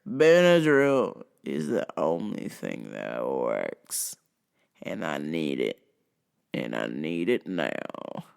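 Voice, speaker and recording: A woman doing a slow-drawling drunk redneck man. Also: rumbling low, sing-song, vocal fry, a little mellow, clear, resonant tone, pitched below the performer's own voice, exaggerated voice. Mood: insistent. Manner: slow halting drawl with many "uh"s.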